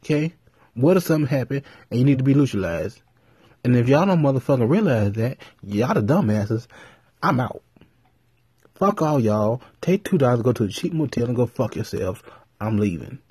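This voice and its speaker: A man voicing an angry, fed-up male superhero who curses and rants at his team, pitched a little above his own voice. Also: expressive, normal speed, darkish tone, breathy edge, dry recording, studio quality. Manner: cursing, ranting, confrontational.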